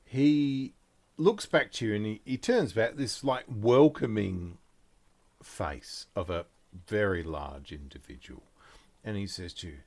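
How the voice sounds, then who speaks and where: Slow, lively-voiced male game master. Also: on the low side. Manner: hesitant, filler-heavy describing. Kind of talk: narrating a tabletop game.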